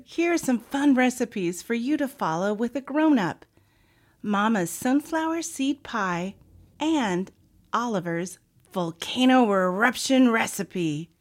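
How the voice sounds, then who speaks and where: A woman reads a children's picture book aloud, expressive and sing-song. Her voice is high and very animated, and her pace stays slow and clear. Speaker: storybook reader.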